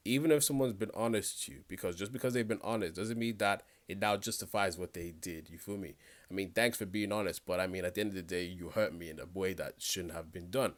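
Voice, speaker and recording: A man's voice: low-pitched, fast talker. A man giving reaction commentary, talking bluntly and directly to the viewer in a conversational way.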